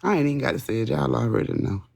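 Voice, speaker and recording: A woman's voice: extremely low pitch, expressive, racing, gravelly, a little mellow. A woman hosting a live stream, chatting casually and profanely with her viewers and rambling from one thing to the next. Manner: profane, rambling, talks straight to her chat.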